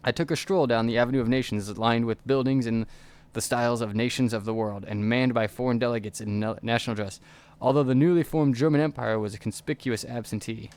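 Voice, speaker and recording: A man reading a text adventure game aloud as a let's player, going quickly and often stumbling over words. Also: mid-range voice, fairly even intonation, darkish tone, clean tone. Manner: reads quickly with frequent stumbles.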